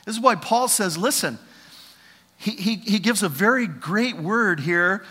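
A man in his fifties preaching a sermon as pastor, swinging between loud preaching and hushed asides. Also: high-pitched, lively intonation, measured pace, slightly rough, long reverb tail. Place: church.

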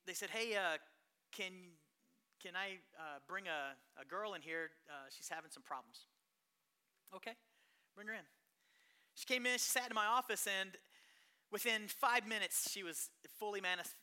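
A pastor preaching a sermon, telling stories in an animated way that swings between hushed and loud. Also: medium pitch.

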